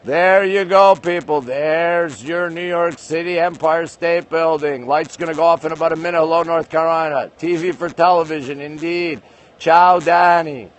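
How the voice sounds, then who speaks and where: A man's voice: on the high side, fairly even intonation, normal speed, hardly any pauses. Chatty man greeting livestream viewers. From Canada. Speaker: livestream host. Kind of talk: casual livestream chat. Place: outdoors at night overlooking city skyline. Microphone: phone.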